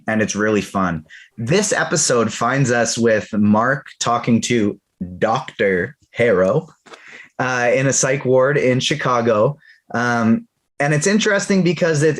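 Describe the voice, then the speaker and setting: A man from Canada, a podcast co-host, chatting animatedly about a TV episode in a casual review. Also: mid-range voice. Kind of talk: casual pop-culture review chat.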